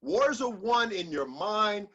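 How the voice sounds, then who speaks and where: Bright, high-voiced motivational speaker man. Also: sing-song, slow, gravelly, breathy edge, highs cut off. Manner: emphatic, repetitive, preacher-like delivery. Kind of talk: motivational speech.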